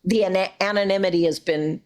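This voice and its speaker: A middle-aged woman voice actress chatting as an interview guest, warm and rambling with frequent restarts. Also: mid-range voice, fairly even intonation, fast, slight background noise. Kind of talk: casual interview chat.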